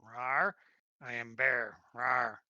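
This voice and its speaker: A man playfully voicing a roaring male black bear in a tabletop game, with loud mock growls. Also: mid-range voice, steady tone, very slow, dry recording, lo-fi sound, heavily acted.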